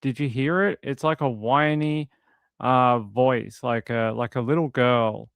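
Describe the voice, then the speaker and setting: A man's voice: medium pitch, steady tone, a little slow, gravelly, noisy background. A man giving casual livestream commentary on a case, talking in a rambling, conversational way and reading out viewer comments. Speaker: true crime streamer.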